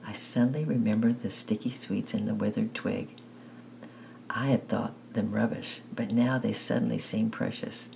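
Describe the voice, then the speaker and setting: A man narrating a children's story aloud, unhurried and plain. His voice is gravelly and dark. He makes small slips and restarts now and then. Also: fairly low pitch, fairly even intonation, a little hiss or hum, rough recording.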